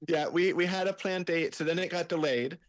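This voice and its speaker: A man's voice: on the high side, brisk, dry recording. A man who directs and acts, explaining his work at length in a casual interview. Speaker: director, writer and actor.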